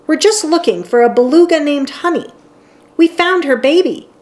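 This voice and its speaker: A woman's voice: sits high, expressive, normal speed, a little mellow, voice pushed up. A woman voicing a cheerful little mouse boy. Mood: earnest.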